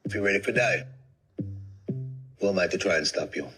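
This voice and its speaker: A man playing a swaggering adult Jamaican gangster, putting on a Jamaican accent and delivering slow, menacing threats in a comedy clip. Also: low-pitched, lightly acted. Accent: Jamaican (put on). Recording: comedy clip over electronic music.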